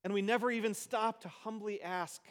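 This male pastor has a voice that sits high, and he preaches emphatically. He slows down to press on key phrases, moving between soft and loud.

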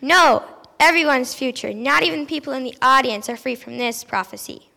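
A woman playing a stern but kindly male prophet who declaims slowly in an amateur stage play. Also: high voice, vocal fry, bright, forceful tone, full character voice. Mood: solemn. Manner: slow, declaiming, preachy. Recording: long hall reverb.

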